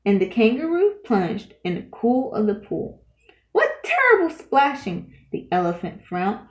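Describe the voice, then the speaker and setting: A woman reading a rhyming children's book aloud in a lively, sing-song way. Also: medium pitch, moderate pace. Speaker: storyteller. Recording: roomy echo.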